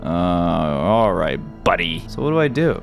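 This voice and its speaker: Young man, gaming commentary, hugely swinging pitch, excitable, muttering then yelping. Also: a little slow, gravelly, soft background music. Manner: excitable, jumps from mutter to yelps. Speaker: gaming video host. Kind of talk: let's-play horror game commentary.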